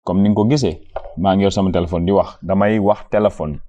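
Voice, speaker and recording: A man with a Wolof accent teaching a beginner language lesson, repeating each phrase slowly and patiently before explaining it. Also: low-pitched, steady tone, mellow.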